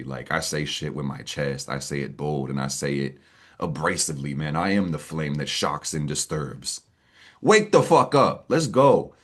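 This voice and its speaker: A man with a deep, low-pitched voice runs an astrology vlog in a casual, unscripted way. He is brash and slangy, curses often, and keeps hyping up his audience. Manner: brash, profane, slangy and hyped. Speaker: astrology content creator.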